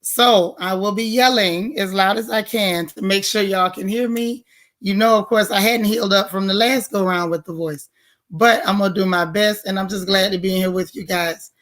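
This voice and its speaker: Hoarse middle-aged woman, livestream host, chatty, calls out viewers by name. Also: medium pitch, fairly even intonation, normal speed, fairly bright tone. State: hoarse, strained voice. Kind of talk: casual livestream greetings to viewers.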